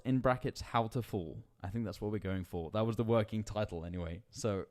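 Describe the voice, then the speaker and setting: A man's voice: on the low side, fairly quick. A male band singer hosting a casual live stream, reading viewer comments aloud in a chatty, upbeat way and laughing often.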